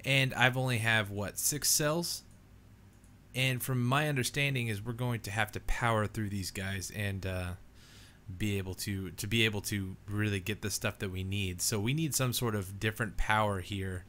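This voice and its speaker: A young man hosts a gaming channel from home, giving easygoing, rambling let's-play commentary and saying "man" and "dude" a lot. His fairly low voice has a sharp tone, fairly even intonation and normal speed. There's slight background noise.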